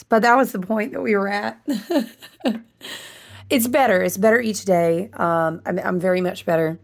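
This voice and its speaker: A woman's voice: medium pitch, unhurried, gravelly. Woman rambling about astrology and tarot, lots of ums and restarts, still a bit chesty from a cold. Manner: rambling, stream-of-consciousness, with many fillers and restarts. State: recovering from a chest cold, occasional coughs. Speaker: astrology and tarot channel host. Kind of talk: casual spiritual monologue.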